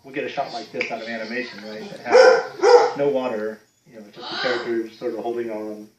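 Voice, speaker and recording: A man's voice: medium pitch, big pitch swings, fairly quick, lo-fi sound, a crowd in the background. A man, an effects artist, casually explaining a technical process with frequent asides. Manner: casual, filler-heavy, "you know" asides. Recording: roomy echo.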